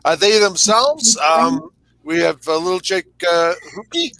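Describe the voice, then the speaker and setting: A man's voice: sits high, lively intonation, unhurried, bright, forceful tone, rough recording. A man co-hosting a podcast over a video call, joking and rambling with lots of fillers. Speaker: podcast co-host. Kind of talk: casual chat.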